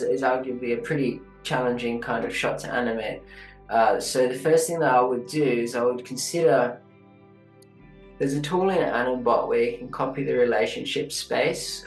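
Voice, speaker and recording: A man with a gravelly, fry-tinged voice talks through an animation critique in a loose, chatty way, now and then half-singing a phrase to demonstrate. He sounds like he is in an echoey room, with faint guitar music underneath. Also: medium pitch, a little mellow. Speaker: animation reviewer. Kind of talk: casual teaching critique.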